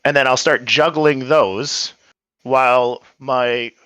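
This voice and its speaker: A man playing a tabletop game, describing his character's actions in a relaxed, laid-back way. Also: medium pitch, slow pace, clear, resonant tone, no echo. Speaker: player. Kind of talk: casual tabletop play.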